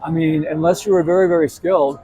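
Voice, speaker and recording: A man's voice: a little high, steady tone, quick pace, mellow, husky, low-quality recording. A man hosting a live gambling talk show, telling loose anecdotes with restarts and asides. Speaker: show host and gambling expert. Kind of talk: casual storytelling chat. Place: live show at a casino hotel.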